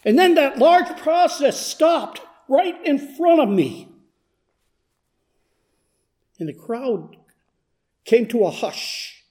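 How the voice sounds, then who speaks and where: A high-voiced man tells a story in the first person, as a poor blind beggar. His delivery is earnest and unhurried, and it steadily gathers intensity. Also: very animated, darkish tone. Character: blind beggar man, humble then desperate. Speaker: dramatic storyteller. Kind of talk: first-person dramatic monologue.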